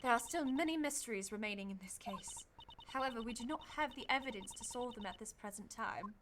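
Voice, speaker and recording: A woman voicing a calm, sharp young male prosecutor who reasons aloud in a measured way. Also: on the high side, noisy background, lightly acted. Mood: serious.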